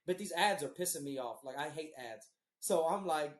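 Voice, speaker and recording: A man's voice: a little high, animated, normal speed. A man hosting a podcast, telling a long story in a casual, rambling and profane way. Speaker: podcast host. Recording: roomy echo.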